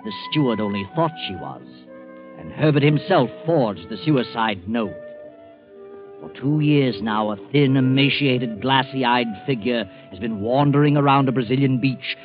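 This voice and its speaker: The Whistler, a man voicing a sinister slow narrator. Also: mid-range voice, close to an everyday voice. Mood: ominous. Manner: slow, ominous, knowing. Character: sinister male narrator, the Whistler, knowing and mocking. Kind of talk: 1940s radio narration. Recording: tinny old radio broadcast with music.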